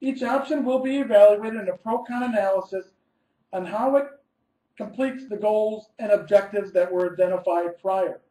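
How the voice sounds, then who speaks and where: A man's voice: sits high, normal speed, dark tone, roomy sound, rough recording. A man, an architect, giving a scripted webinar presentation, reading methodically through numbered steps and stressing key words.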